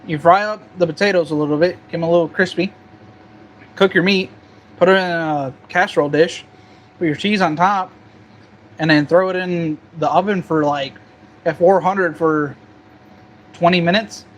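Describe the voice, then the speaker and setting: A young man who runs a gun channel hosts a casual cooking vlog, joking and chatting in a laid-back way while he eats. His voice is fairly high and steady, at a moderate pace with long pauses, and a faint hum sits in the background.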